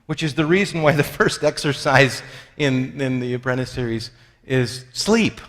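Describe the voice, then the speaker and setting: Speaking at normal speed in a mid-range, slightly bright voice, this man teaches about spiritual life with plenty of humor. He keeps it conversational, pokes fun at himself, and performs the voices of those he quotes, all echoing with a large hall's long reverb.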